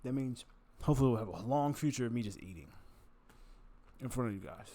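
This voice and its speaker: A man's voice: medium pitch, lively intonation, fairly quick, dark tone. A man vlogging while he eats, rambling and joking, swearing casually, his nose a little stuffed up. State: congested nose, full, chewing. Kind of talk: casual eating vlog chat.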